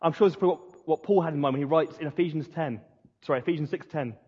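Male pastor, earnest conversational sermon, husky tone, echoing church hall. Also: a little high, fast. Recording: dull lo-fi sound in a reverberant hall.

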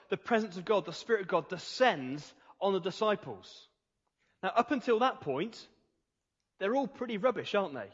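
A man preaching a sermon in an earnest, emphatic way, slowing down to stress key phrases. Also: high voice, breathy edge. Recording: reverberant hall, dull lo-fi sound.

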